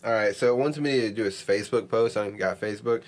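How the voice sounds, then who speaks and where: A man's voice: fairly low pitch, quick pace. A man co-hosting a podcast, reading out drinking-game prompts in casual, joking chat. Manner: reads out game cards, joking. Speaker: podcast co-host.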